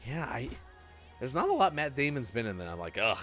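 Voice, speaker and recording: A male morning show host with a lively, swooping voice that rises and falls freely. He talks casually and jokes as he goes, with faint music playing under him. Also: mid-range voice, fairly quick. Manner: lively, joking, rambling delivery. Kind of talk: casual live-stream radio chat.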